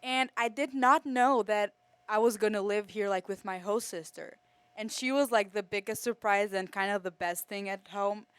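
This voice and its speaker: Heartfelt young woman with a smooth voice. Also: mid-range voice, moderate pace, a bit bright, no room sound. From Kosovo. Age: teens to early 20s. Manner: heartfelt, many fillers. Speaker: exchange student. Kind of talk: emotional thank-you speech. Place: school TV studio.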